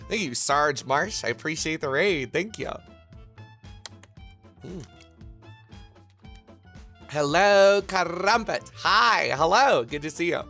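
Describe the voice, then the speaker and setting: A man's voice: a little high, pushed and bright. A man livestreaming casually, reading his chat messages aloud and answering them with crude, profane jokes. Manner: crude, profane, joking banter.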